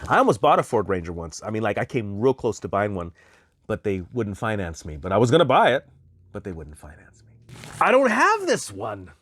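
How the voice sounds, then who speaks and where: A man chatting excitedly as he unboxes a package of collectible toys, exclaiming at each find. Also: fairly low pitch, fairly quick, no room sound. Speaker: toy collector vlogger. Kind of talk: casual unboxing chat.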